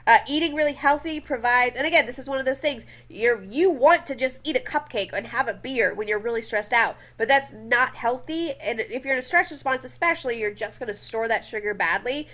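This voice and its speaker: Brief: young woman, high voice, chatty lecturer working through slides, keeps checking in with the class. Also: brisk, few pauses, a bit bright. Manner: chatty, often checks in with "okay?".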